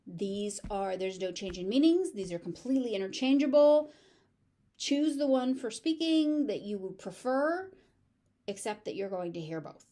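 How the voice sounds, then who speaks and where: Her voice is mid-range, warm, and animated, at a normal speed, with a General American accent. She's teaching pronunciation, patiently repeating every word several times and stressing it carefully.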